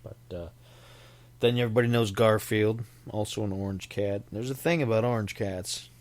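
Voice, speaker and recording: A man's voice: fairly low pitch, normal speed, a little mellow. A man hosting a podcast in a casual, rambling monologue, chatty and self-deprecating, who now and then imitates animal sounds. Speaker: podcast host.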